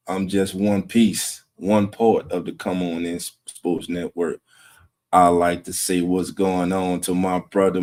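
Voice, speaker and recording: A man hosting a late-night sports livestream at home, talking low and greeting chat viewers by name. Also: dark tone. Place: home room at night with wife resting nearby.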